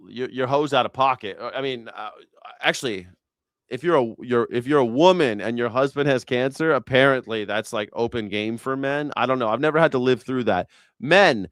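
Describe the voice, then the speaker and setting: A man's voice: mid-range voice, no echo. Guy ranting live about the news, swears a lot, keeps restarting sentences, dry close sound. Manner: animated, profane, rambling with restarts. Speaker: host. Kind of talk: live news reaction commentary.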